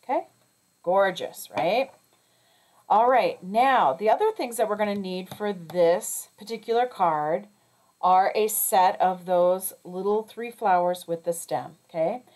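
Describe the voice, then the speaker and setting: A woman's voice: mid-range voice, unhurried, darkish tone. A woman teaching a craft lesson step by step, chatty, often checking in with "okay?" and correcting herself as she goes. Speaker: crafting instructor.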